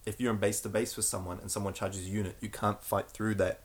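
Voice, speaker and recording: A man talks at a fast clip in a casual chat. He tells animated stories, swearing freely and laughing often. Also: lowish voice.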